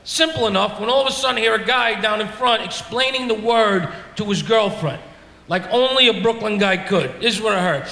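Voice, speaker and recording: A man's voice: high-pitched, brisk, creaky, pushed and bright. A man with a New York accent doing a brash, profane, self-mocking stand-up comedy set on a brewery stage. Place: brewery stage before a live crowd. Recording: echoey hall with audience laughter.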